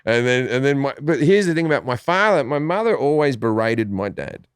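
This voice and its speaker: A man's voice: mid-range voice, very animated, a little fast, clear, resonant tone, dry recording, studio quality. A man with an Australian accent, a comedian guest telling a story in a casual chat. He swears often and acts out his family's voices.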